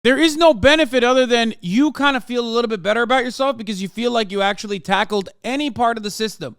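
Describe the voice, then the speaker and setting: Male streamer in his thirties, fairly high voice, smooth and dry; heated, profane reaction rant. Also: fast talker, fairly bright tone, no room sound.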